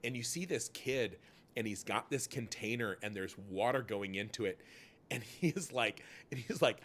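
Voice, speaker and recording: A man hosting a charity livestream, telling stories in an animated way and swearing freely. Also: fairly low pitch, normal speed, a little hiss or hum. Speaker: host. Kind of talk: casual charity stream chat.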